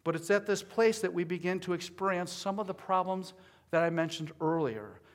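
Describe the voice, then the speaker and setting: High-voiced man preaching a sermon. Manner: builds to loud pleading when voicing prayers. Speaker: pastor.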